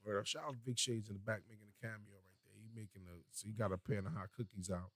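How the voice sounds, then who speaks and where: A man's voice: lowish voice, steady tone, very fast, a bit bright. A man hosting a podcast in laid-back, slangy casual chat, with plenty of fillers. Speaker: podcast host.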